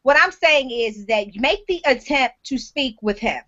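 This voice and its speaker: A woman hosts a live online talk show in a high, bright register. She gives blunt, frank advice and swears casually. The stream audio is dull and lo-fi. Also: lively intonation, normal speed.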